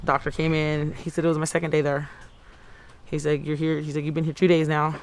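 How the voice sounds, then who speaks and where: A woman in her thirties being interviewed for the news. She recounts her story in a halting, repetitive way, often acting out her own quoted words. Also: low voice, level tone. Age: 30s. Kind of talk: personal account in a news interview.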